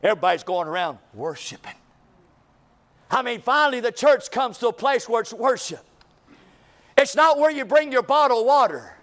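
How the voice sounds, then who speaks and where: A man preaching a sermon, his voice pitched unusually high for a man. He preaches with fervor, stretching his phrases and pushing up into shouts as he drives his point home. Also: big pitch swings, moderate pace. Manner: impassioned preaching, rising to shouts. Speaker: pastor.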